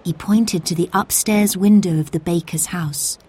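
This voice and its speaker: A woman narrating a children's storybook in a clear, measured way. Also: fairly low pitch, fairly even intonation, darkish tone.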